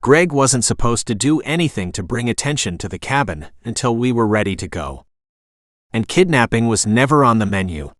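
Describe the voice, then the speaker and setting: A man's voice: medium pitch, dry recording, studio quality, natural voice. A male synthetic narrator reading the lines of a desperate, profane man holding a woman hostage. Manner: harsh, profane, threatening. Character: desperate cornered male sketch artist, vicious.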